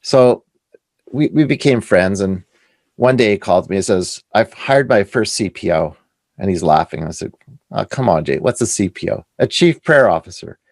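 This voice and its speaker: Low gravelly canadian guy, middle-aged, spinning stories in an interview, does little voices for people he quotes. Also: moderate pace, dry recording. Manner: animated anecdotes with quoted voices. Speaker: author and guest. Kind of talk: casual storytelling interview.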